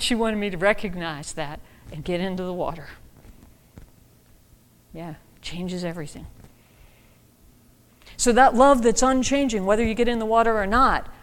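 Female guest preacher, chatty sermon delivery with lively high emphasis; reverberant hall sound. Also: smooth. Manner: animated, conversational, rises high for emphasis. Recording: long reverb of a large hall.

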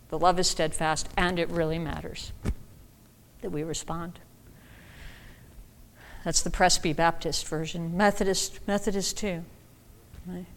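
Female guest preacher, chatty sermon delivery with lively high emphasis; reverberant hall sound. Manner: animated, conversational, rises high for emphasis. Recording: long reverb of a large hall.

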